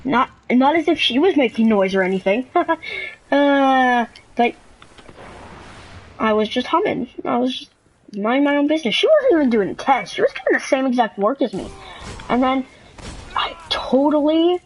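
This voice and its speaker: Brief: teen girl vlogger, slightly high voice, rambling casual storytelling with lots of fillers and asides. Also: sing-song, normal speed, long pauses, poor audio. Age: teens. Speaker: student vlogger.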